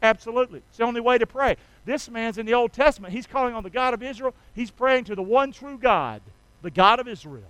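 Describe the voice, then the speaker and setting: A man's voice: extremely high pitch, lively intonation, quick pace, fairly bright tone, clean tone, no echo, poor audio. A man preaching a sermon, folksy and full of rhetorical questions to the congregation. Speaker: pastor.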